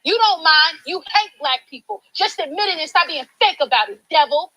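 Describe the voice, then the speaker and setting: High bright passionate woman preaching. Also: animated, normal speed, low-quality recording. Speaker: activist confronting campaign volunteers. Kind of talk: heated street confrontation.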